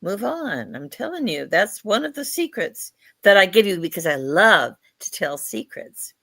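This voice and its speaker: A woman's voice: medium pitch, sing-song, measured pace, vocal fry, fairly bright tone, no room sound, heavily acted. A woman voicing a playful fairy spirit who calls itself a leader, giving a mischievous, lecturing channeled message. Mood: playful preachy.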